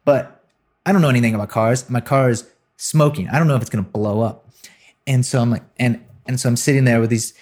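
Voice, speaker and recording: A young man hosting a podcast, telling a story in a casual, animated way and often breaking into laughter. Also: medium pitch. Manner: animated storyteller, quick to laugh, mimics voices. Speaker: podcast host.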